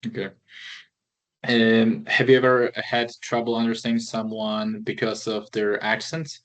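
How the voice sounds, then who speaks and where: A man's voice: fairly low pitch, level tone, unhurried, rough recording. A man interviewing, reading prepared questions in a brief, hesitant way.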